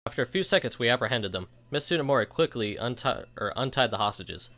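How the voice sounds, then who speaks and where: A man's voice: medium pitch, lively intonation, fast talker, a bit bright. A young man narrating a game's story aloud, reading the text in a casual way and breaking in with joking reactions. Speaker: let's play host.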